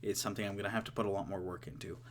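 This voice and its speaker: Halting, eager young man vlogging. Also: low-pitched, fairly even intonation. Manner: halting, with many restarts, eager. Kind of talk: casual chat to camera.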